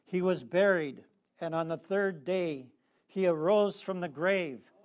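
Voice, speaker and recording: A man preaching a sermon, leading the congregation in call-and-response with slow, emphatic phrasing. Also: sits high.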